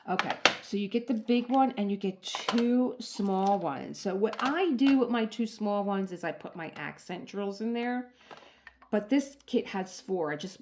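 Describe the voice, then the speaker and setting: A woman's voice: lowish voice, vocal fry, slight background noise. A middle-aged woman hosting a craft channel, chatting casually through an unboxing and laughing at herself as she talks to the viewer. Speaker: diamond painting channel host.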